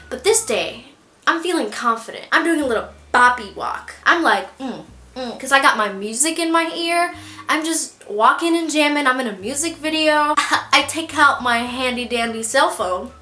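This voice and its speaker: A young woman telling embarrassing stories to the camera in a casual, animated and self-mocking way, acting out the quotes. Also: high voice, echoey room. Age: young adult. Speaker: vlogger.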